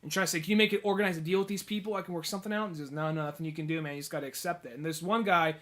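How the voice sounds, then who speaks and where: A man's voice: a little high, fairly even intonation, rapid-fire, a bit bright. A man co-hosting a comedy podcast, rambling and swearing as he recaps a movie and acts out bits of dialogue. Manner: rambling, profane, acts out quotes. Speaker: podcast co-host. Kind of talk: casual comedy podcast chat.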